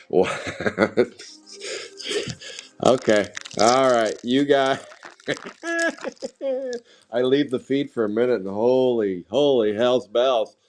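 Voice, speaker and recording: A man's voice: medium pitch, steady tone, takes it slowly, pauses often, darkish tone, soft background music. A man chatting casually while opening trading card packs on a live stream, drifting into rambling side stories. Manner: rambling, sidetracked anecdotes.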